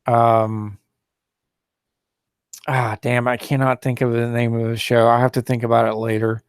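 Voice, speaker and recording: A man's voice: mid-range voice, little pitch movement, a little slow, clean tone, no room sound, studio quality. A man hosting a solo talk show, rambling and indignant, with many fillers and restarts, who mocks opposing views in a raised, sneering voice.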